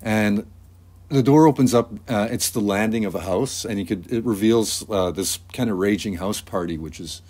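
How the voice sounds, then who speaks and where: Low-voiced artist in a laid-back walkthrough. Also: male voice, moderate pace. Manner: relaxed, rambling, with many fillers. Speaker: animator and artist. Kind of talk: casual storyboard walkthrough.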